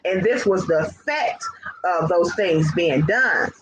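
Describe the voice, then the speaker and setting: A woman's voice: fairly low pitch, lively intonation, takes it slowly, loud music behind the voice, low-quality recording. A woman explaining her view earnestly in a casual chat.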